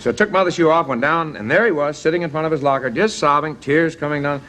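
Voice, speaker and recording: A middle-aged man, a baseball manager and guest on a TV talk show, telling blunt, jokey anecdotes in animated chat. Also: a little high, fast, slight background noise.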